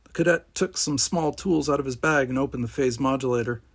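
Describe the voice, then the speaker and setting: A man narrating a storybook aloud, animated, giving each character its own voice. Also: mid-range voice, brisk.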